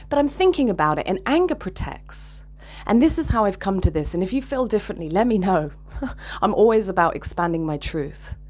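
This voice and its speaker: A woman's voice: mid-range voice, a little mellow. A woman speaking candidly to camera in a reflective vlog monologue, talking openly about her feelings and swearing freely. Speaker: vlogger.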